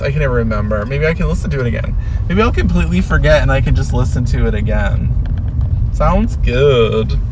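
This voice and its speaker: A man's voice: mid-range voice, recorded from a distance. Solo podcast host, a man with a cold, rambling and sarcastic, heard from off-mic over heavy background noise. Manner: rambling, sarcastic, swears freely. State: slightly sick, throat tickle. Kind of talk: casual solo podcast chat.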